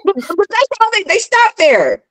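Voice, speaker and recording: A woman's voice: very high voice, wildly swooping pitch, moderate pace, fairly bright tone, no room sound, rough recording. A young adult woman in casual chat, retelling a story with acted-out character voices and frequent laughter. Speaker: guest.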